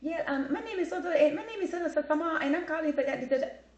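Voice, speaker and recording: A woman doing a high, halting telemarketer, mumbling through a fake name, echoey room. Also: darkish tone, dull audio, natural voice. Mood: mocking.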